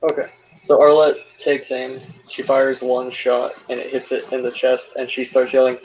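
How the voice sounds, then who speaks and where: A man playing a tabletop role-playing game over a call, thinking out loud and swearing as he plans. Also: mid-range voice, monotone, normal speed, muffled recording. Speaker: player. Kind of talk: casual tabletop game play.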